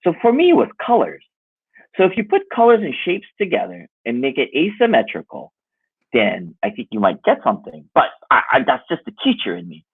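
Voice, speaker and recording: A middle-aged man, telling animated, laughing stories in casual chat and quoting people as he goes. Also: mid-range voice, fairly quick, creaky, breathy edge, no room sound. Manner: animated, laughing storyteller with lots of voiced quotes. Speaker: musician and jewelry maker guest. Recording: tinny phone-like dry audio.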